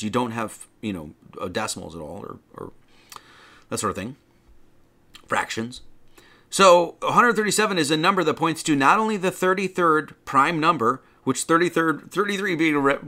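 Male preacher, lively bright delivery, sermon teaching with rhetorical questions. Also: fairly high pitch. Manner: animated teaching, rhetorical questions, quoting scripture.

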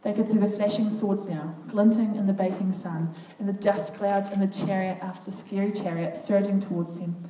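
A woman reading a children's Bible story aloud to a group, with earnest, expressive comments between passages. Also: medium pitch, moderate pace, few pauses. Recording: echoey room, far from the mic, faint noise.

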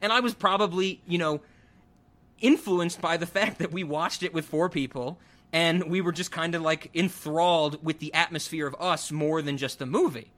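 A man's voice: fairly high pitch, fairly bright tone. Chatty young man, podcast host. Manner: chatty, many fillers and quick asides. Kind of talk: casual chat.

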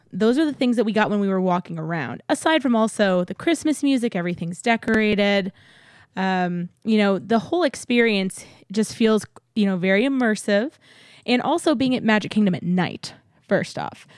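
A woman's voice: medium pitch, lively intonation, moderate pace, no echo, studio quality. A young adult woman co-hosting a podcast in casual chat, rambling a little and laughing often. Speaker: podcast co-host.

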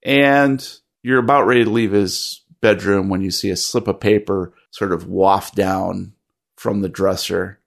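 A man narrating a tabletop game as game master, in a measured, descriptive storytelling manner. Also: low-pitched, fairly even intonation, gravelly.

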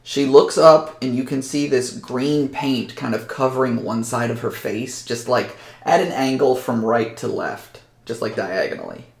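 A man narrating a tabletop game as game master in a relaxed, descriptive way with many fillers. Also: medium pitch, measured pace, gravelly, hardly any pauses, reverberant.

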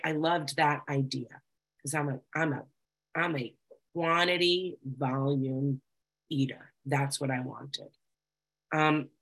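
A woman's voice: low-pitched, pushed and bright, poor audio. A middle-aged woman giving an earnest, confessional talk about recovery, reading passages aloud and reflecting on them. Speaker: speaker sharing recovery experience.

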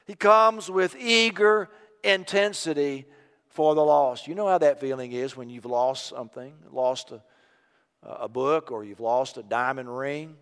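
An older man preaching a sermon as pastor, impassioned and rising to loud emphatic peaks. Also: mid-range voice, normal speed. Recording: long reverb of a large hall.

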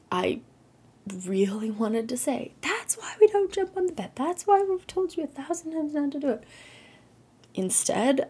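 A woman in her thirties hosting a podcast, talking gently and reflectively about faith and parenting, often dropping to a breathy near-whisper. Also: mid-range voice. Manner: reflective, gentle, with small laughs. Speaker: podcast host. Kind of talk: casual faith-based parenting talk.

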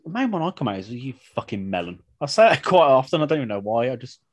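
A man's voice: a little high, racing. A man hosting a casual podcast, reading out listener submissions and laughing often. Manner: lively, laughs often while reading out lines. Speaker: podcast host.

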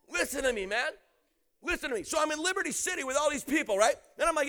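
A man preaching an energetic storytelling sermon, often shouting, acting out quotes and laughing. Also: very high voice, rapid-fire.

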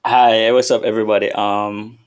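A young man from Belize speaks as a podcast guest in a relaxed, easygoing way. His voice sits low and stays flat in pitch. He talks casually, laughing along and using fillers. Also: moderate pace. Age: young adult. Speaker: podcast guest, film student. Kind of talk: casual interview chat.

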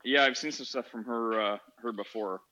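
A man hosting an online chat, joking around and asking quick questions. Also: mid-range voice, sharp tone, rough recording. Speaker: podcast host.

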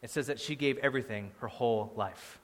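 This pastor's sermon is brisk and lively, delivered in a mid-range voice, with quoted voices acted out and sharp shifts from loud bursts to quiet asides. Long hall reverb fills the recording.

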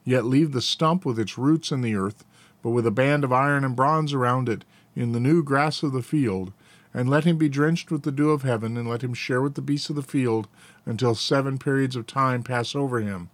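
Male scripture reader, plain measured delivery with small self-corrections; middle pitch, dead-dry room. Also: no echo. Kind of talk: reading scripture aloud.

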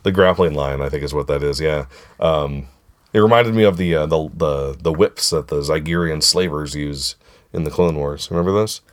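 Hoarse, very deep-voiced man chatting. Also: normal speed. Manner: chatty, keeps asking the listeners if they remember. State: hoarse from a sore throat. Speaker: podcast host. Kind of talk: casual discussion with kids.

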